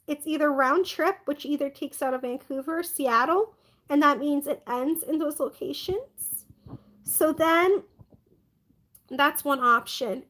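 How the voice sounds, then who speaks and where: A woman's voice: high-pitched, fairly bright tone, low-quality recording. A young adult woman hosting a live stream, chatting casually and bubbly with many fillers while reading viewer comments.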